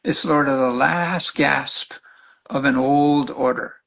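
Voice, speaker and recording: Gravelly older man counseling. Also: mid-range voice, slow pace, poor audio. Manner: animated storytelling, acts out clients' words. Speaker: spiritual counselor, guest. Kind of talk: conversational teaching.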